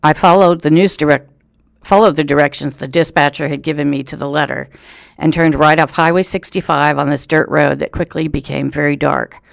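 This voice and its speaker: Guy reading a news story on air, steady storyteller, some fry in the voice. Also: fairly high pitch, fairly quick, no room sound. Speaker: radio reading service volunteer reader. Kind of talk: reading a news article aloud. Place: thrift store.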